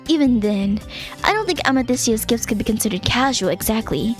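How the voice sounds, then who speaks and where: A woman voicing a smooth, teasing young man while reading a visual novel aloud, in a lowered, laid-back, joking voice. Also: expressive, fairly quick, soft background music, close to an everyday voice.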